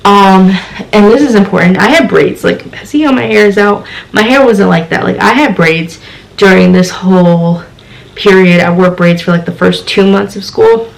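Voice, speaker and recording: A woman's voice: medium pitch, normal speed, vocal fry, rough recording. A young woman telling a story on her vlog, chatty and exasperated, full of "like" and "you know.". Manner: chatty, filler-heavy retelling with lots of "like". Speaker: vlogger.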